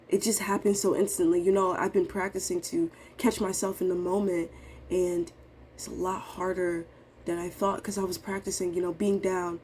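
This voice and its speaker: Dejected young woman venting, low voice. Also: mellow, slight background noise. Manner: low, confessional, dejected rambling with slang. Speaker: vlogger day trader. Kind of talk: emotional live trading vlog.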